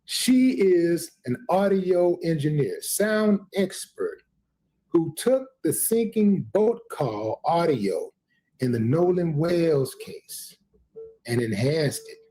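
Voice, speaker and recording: Male host, live-stream commentary, emphatic, slow delivery with a lively, rising voice. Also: fairly high pitch. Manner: emphatic, addresses viewers as family.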